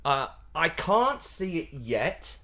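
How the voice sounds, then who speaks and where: A man, a pantomime comedian chatting as a guest in a casual interview, animated and laughing, often restarting his sentences. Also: on the high side, takes it slowly. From Yorkshire, England.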